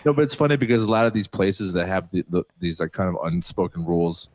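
Low-voiced man chatting on a podcast. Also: fast talker, no room sound. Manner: laughs a lot, relaxed and chatty, swears casually. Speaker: podcast host and DJ. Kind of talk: casual podcast chat.

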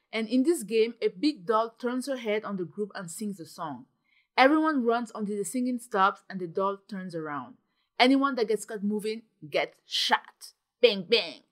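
Bright-voiced excitable woman gamer. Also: a little high. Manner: dramatic, gasps and exclaims, ends points with "okay?". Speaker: gaming YouTuber. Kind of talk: excitable gameplay commentary.

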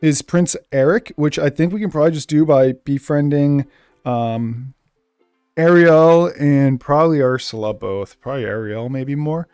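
A young man with a Boston accent, rambling casually as he hosts a game let's play and bursting into excitement now and then. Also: a little high, moderate pace, clean tone, no room sound, studio quality, soft background music. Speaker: gaming channel host.

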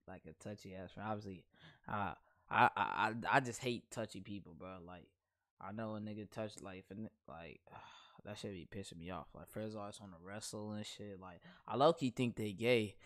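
A man's voice: on the low side, moderate pace, a bit bright. A young man giving casual, slangy, profane commentary while reacting to a video. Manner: slangy, laid-back, profane.

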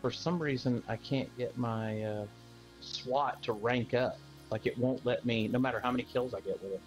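A man's voice: medium pitch, fairly even intonation, normal speed, soft background music, low-quality recording. Swearing, laughing young gamer man. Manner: laughing, swearing, retelling cartoon scenes. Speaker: streamer. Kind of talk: casual chat while gaming.

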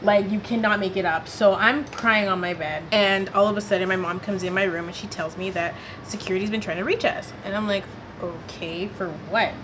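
A woman vlogger telling a personal story in a lively, dramatic storytime style, with casual slang. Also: medium pitch, fairly quick, background noise. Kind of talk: storytime vlog.

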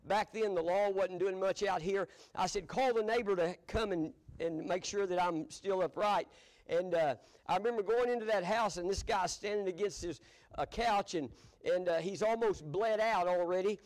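Folksy pastor telling stories. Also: male voice, high-pitched, moderate pace, a little mellow. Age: older. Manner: folksy, chuckling storyteller. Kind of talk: storytelling sermon. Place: church sanctuary.

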